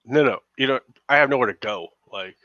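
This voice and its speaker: A man's voice: mid-range voice, brisk, no echo. A man as a podcast guest, chatting in a laid-back, teasing way over a video call. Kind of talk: casual chat. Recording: dull dry call audio.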